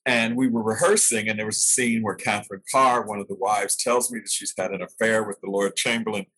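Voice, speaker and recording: A man's voice: lowish voice, steady tone, brisk, sharp tone, husky, poor audio. An older man, an actor being interviewed, telling stories of his early training, reflective and laughing at himself now and then. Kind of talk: storytelling in an interview.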